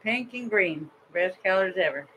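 A man's voice: sits high, expressive, moderate pace, slightly rough, lo-fi sound. A man co-hosting a livestream, reading out viewer comments in a playful, giggly way. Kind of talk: casual livestream chat.

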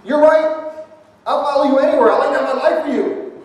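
A male preacher putting on the voice of an eager, impulsive disciple, high-pitched and earnest, in an echoey church heard from a distance. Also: a little fast, a little mellow. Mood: pleading. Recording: echoey church hall from far off.

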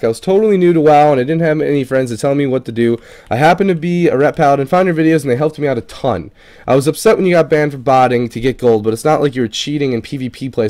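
Reading his audience's comments out loud for a gaming channel, this man sounds mid-range and a little mellow. The tone is relaxed and foul-mouthed, with free swearing and fumbles on names he doesn't know.

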